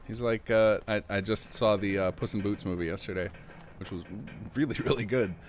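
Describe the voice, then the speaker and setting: A man streaming and commenting on a game he helped mod, chatty and quick to laugh, with rambling asides. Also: on the low side, steady tone, a little hiss or hum.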